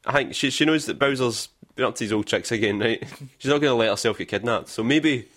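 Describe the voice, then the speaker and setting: A man's voice: mid-range voice, fast talker, fairly bright tone. A man co-hosting, bantering in a playful, chatty way. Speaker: podcast co-host. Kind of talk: casual banter.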